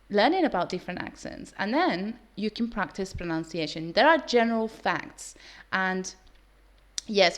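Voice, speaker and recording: A woman, not a native English speaker, teaching English in a casual, earnest vlog to her students. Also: mid-range voice. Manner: earnest, with some restarts.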